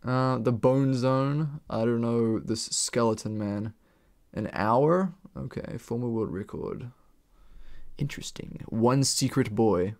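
A man's voice: medium pitch, takes it slowly, darkish tone. A young man with a New Zealand accent, rambling and laughing through casual chat while streaming a racing game.

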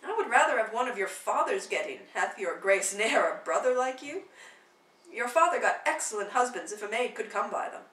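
A woman's voice: fairly high pitch, expressive, fairly bright tone, reverberant, distant mic, low-quality recording. Woman reading as a teasing, witty noblewoman. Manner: quick, teasing banter. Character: witty, sharp-tongued noblewoman, mocking suitors. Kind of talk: dramatic play reading. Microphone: phone livestream.

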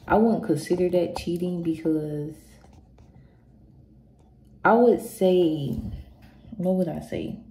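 A woman's voice: on the low side, mellow. A young woman vlogger casually answering viewer questions, blunt and swearing freely, rambling and restarting her sentences. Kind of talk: casual Q&A chat. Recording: echoey room.

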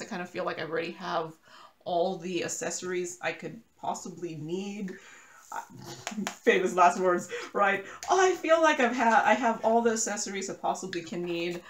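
A woman's voice: fairly low pitch, a bit bright. A woman chatting casually to viewers while she does a diamond painting at home, rambling, correcting herself and laughing often. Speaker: crafting YouTuber. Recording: roomy echo.

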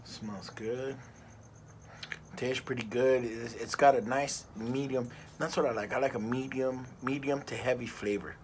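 A man's voice: medium pitch, steady tone, measured pace, a little hiss or hum. A middle-aged man reviewing a cigar in a casual vlog, rambling and ranting with plenty of profanity.

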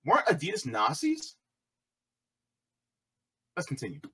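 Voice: mid-range voice, wildly swooping pitch, unhurried, fairly bright tone, slightly rough, poor audio. A commentary vlogger reacting to a clip in a sarcastic, exclamatory way.

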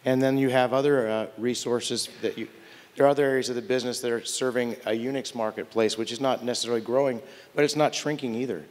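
A man's voice: mid-range voice, steady tone, fast talker. An older man on a technology panel, telling candid, wry stories and often restarting his sentences. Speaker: tech panelist. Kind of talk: conference panel storytelling. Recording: long hall reverb.

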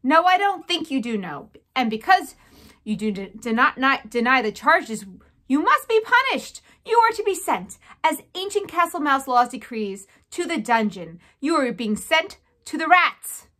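A woman voicing a booming pompous head mouse judge. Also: big pitch swings, unhurried, pushed and bright, full character voice. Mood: stern. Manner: booming, commanding.

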